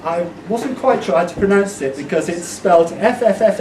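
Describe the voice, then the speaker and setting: A man with a high, expressive voice reads poetry at a book launch at a moderate pace, barely pausing, joking playfully in a mock-esoteric way. He gets the audience shouting a refrain back with growing energy, recorded from a distance in an echoey indoor room full of crowd noise.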